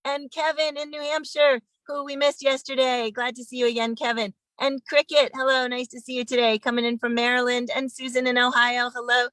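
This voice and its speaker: Woman host, higher voice, fairly even pitch, bright tone, dry sound, chatty greetings, phone video call. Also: a little fast, hardly any pauses, no echo, low-quality recording. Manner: greets viewers one by one, chatty. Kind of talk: online sing-along welcome.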